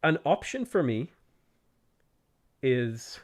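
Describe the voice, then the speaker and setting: A man's voice: mid-range voice, big pitch swings, extremely slow. A man streaming a strategy game, thinking aloud about his moves, thanking viewers and laughing often. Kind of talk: casual live-stream commentary.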